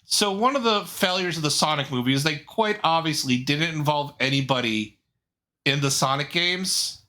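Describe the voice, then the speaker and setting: A man's voice: a little high, normal speed, pushed and bright. A man co-hosting a podcast in casual chat, telling jokey meandering stories with many restarts. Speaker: podcast co-host.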